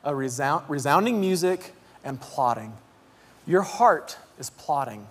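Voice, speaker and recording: A man in his thirties preaching in a church, telling a story with deep emotion and shouting out his kids' voices. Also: lively intonation, measured pace. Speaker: pastor. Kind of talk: sermon. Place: church sanctuary. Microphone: handheld mic. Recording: long hall reverb in a church.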